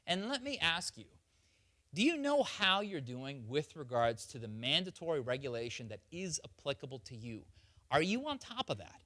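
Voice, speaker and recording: Guy doing a security talk, bright lively voice, chatty, keeps asking the crowd stuff, dry sound. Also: high-pitched, no room sound. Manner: animated, conversational, asks the audience questions. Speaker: security speaker. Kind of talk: presentation.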